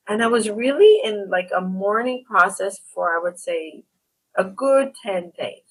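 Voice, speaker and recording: A woman hosting an interview in a voice of middle pitch. She tells her story earnestly and with animation, acting out what others said. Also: a little slow, a little hiss or hum, poor audio. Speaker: podcast host. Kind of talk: emotional interview conversation.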